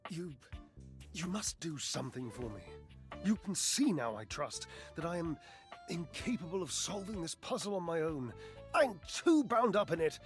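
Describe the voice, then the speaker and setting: Theatrical lovelorn game character, lively high voice, big exasperated flourishes. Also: male voice. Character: flamboyant dramatic male object, lovelorn diva. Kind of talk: video game voice acting.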